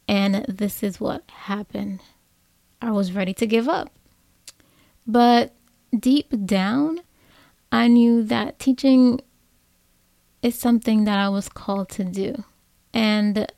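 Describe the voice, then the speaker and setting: A woman teacher telling a personal story in a reflective, earnest way, with pauses. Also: medium pitch, creaky, darkish tone, no room sound.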